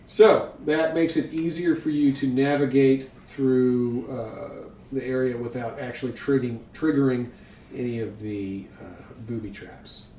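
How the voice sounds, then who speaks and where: A man narrating as game master, relaxed and rambling with fillers. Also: medium pitch, a little slow, a little hiss or hum. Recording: echoey room, mic far off.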